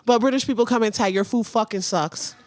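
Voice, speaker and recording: A young adult woman from the United States co-hosting a podcast, ranting loudly and profanely in casual comedic chat, laughing through her complaints. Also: a little high, fairly quick. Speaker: podcast co-host.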